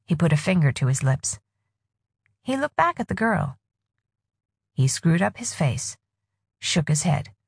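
A woman narrating a novel in a husky voice with expressive storytelling. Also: deep voice, measured pace, long pauses, no room sound, studio quality. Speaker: audiobook narrator. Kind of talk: scripted narration.

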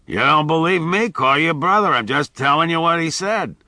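A man's voice: fairly high pitch, expressive, moderate pace, bright, forceful tone, no echo, clean studio sound, voice pushed up, full character voice. A man voicing a blunt, insistent older father passing on news.

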